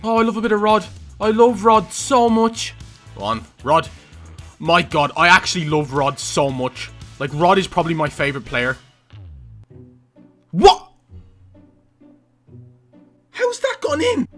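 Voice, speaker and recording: A young man calls his own football game match in a high, bright voice that leaps all over the place. He bursts into excited shouts and teasing banter as the play swings. Faint game music runs underneath. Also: moderate pace. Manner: excitable, loud outbursts and banter. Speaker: gaming YouTuber. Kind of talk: live gameplay commentary.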